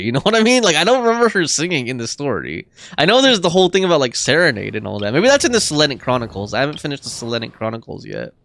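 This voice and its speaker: A man's voice: a little high, a bit bright. A young man livestreaming a game, chatting casually, rambling through restarts and laughing often.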